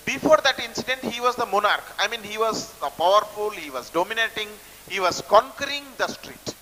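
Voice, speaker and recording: An Indian English man lecturing a class on a story, with a high voice and a very bright, sharp tone. He repeats himself and circles back to define words. The recording carries a long echo and a faint hiss. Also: lively intonation, a little fast. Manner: repetitive, restarts phrases while explaining word meanings. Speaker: college English teacher. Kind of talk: explaining a textbook story to students.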